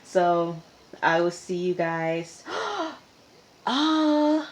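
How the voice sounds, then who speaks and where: A woman's voice: lowish voice, big pitch swings, drawn-out words. A woman giving a casual vlog recap of a TV episode, retelling it dramatically and animatedly, repeating phrases for effect. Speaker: TV episode reviewer.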